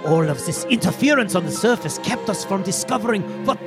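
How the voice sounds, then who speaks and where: A man's voice: high voice, animated, brisk, music in the background. A man voicing a grandiose, eccentric male alien professor who speaks in broken grammar and makes theatrical proclamations.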